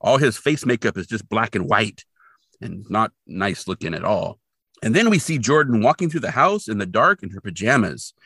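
Man, podcast co-host, lively up-and-down delivery, rambling episode recap, dry close mic. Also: medium pitch, breathy edge, no echo. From Portland, Oregon resident since 2003. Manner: rambling, lively retelling with fillers. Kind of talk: casual episode recap chat.

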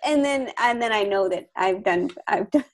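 A woman's voice: mid-range voice, fairly even intonation, normal speed. A woman who is a comedian, a guest on a podcast, telling stories in casual chat and often breaking off and restarting her sentences.

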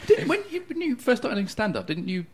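A man's voice: extremely high pitch, wildly swooping pitch, a little fast, over a noisy crowd. A man interviewing a guest in casual chat, friendly and chipping in with his own stories. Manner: friendly, joins in with anecdotes.

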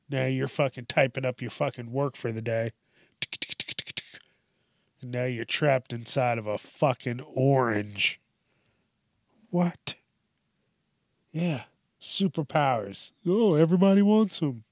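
A man's voice: mid-range voice, takes it slowly, pauses often, no echo. A man hosting a podcast alone, rambling through a casual, profane, self-mocking monologue. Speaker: podcast host.

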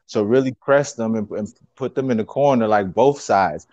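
A man's voice: lowish voice, normal speed, a little mellow, dry recording, lo-fi sound. A man speaking as a guest in a casual podcast chat, emphatic and rambling. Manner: emphatic, rambling, lots of fillers.

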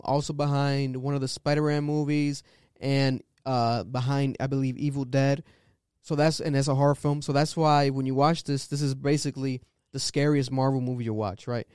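A man's voice: mid-range voice, darkish tone, smooth, dry recording, clean studio sound. A young man co-hosting a podcast, telling stories loosely and animatedly with lots of fillers. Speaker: podcast co-host. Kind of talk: casual chat.

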